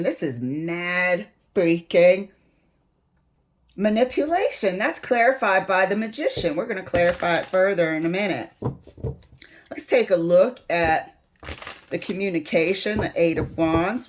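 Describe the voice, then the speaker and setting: A tarot reader with a lowish voice talks emphatically to spirit while drawing cards, her delivery swinging into heated outbursts and stresses. There's slight background noise behind her.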